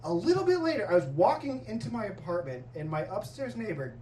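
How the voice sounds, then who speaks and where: Lively profane male stand-up comic. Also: high voice, fairly quick, a little hiss or hum. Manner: storytelling, profane, self-mocking. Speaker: stand-up comedian. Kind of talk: stand-up comedy set. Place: comedy club stage. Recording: roomy club, distant mic, laughing audience.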